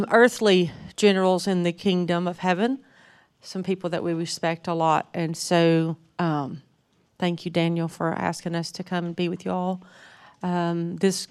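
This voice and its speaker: Southern lady from mississippi preaching casual, slow with lots of ums, lowish voice. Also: clean tone. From North Mississippi, USA. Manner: slow, deliberate talk with frequent ums. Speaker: guest speaker. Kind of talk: casual sermon.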